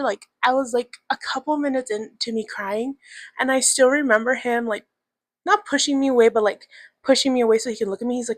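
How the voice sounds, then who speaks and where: Young woman podcasting, swears a lot, says like constantly, kinda high voice, super dry close sound. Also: no room sound. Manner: candid, lots of swearing and filler likes. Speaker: podcast host. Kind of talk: casual personal monologue.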